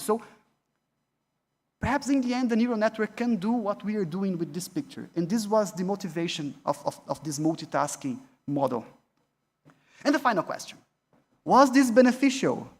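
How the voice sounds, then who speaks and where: A man with a Brazilian Portuguese accent gives a university lecture in a large hall, and his voice carries a long reverb. He talks in a conversational way, repeats words as he restarts, and asks the audience rhetorical questions. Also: sits high.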